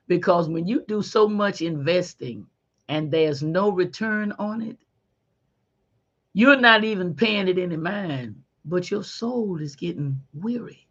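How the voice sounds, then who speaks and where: A middle-aged woman hosting a podcast, giving a faith-based motivational talk in a folksy, animated way and calling listeners honey. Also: on the low side, breathy edge, highs cut off. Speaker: podcast host.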